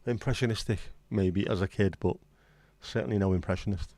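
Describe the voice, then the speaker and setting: A man's voice: low voice, fairly quick, darkish tone, no room sound. A man hosting a casual livestream chat, chatty and sweary with self-deprecating humour. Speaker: livestream host.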